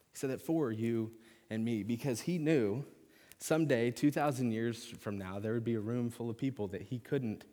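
A man's voice: medium pitch, mellow. A man preaching a sermon as a pastor, earnest and conversational, with casual fillers. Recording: long reverb of a large hall.

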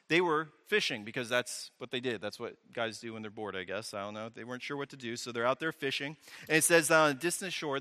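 A man's voice: mid-range voice, bright, forceful tone. A man preaching a sermon as a pastor, conversational, asking the audience questions and adding wry asides, in a reverberant church hall.

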